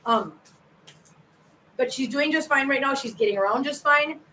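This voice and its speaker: A woman's voice: high-pitched, normal speed, pushed and bright, far from the mic, a little hiss or hum, rough recording. A woman hosting a casual livestream from home, chatting with viewers in a rambling way and stumbling over her words. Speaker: cat channel host.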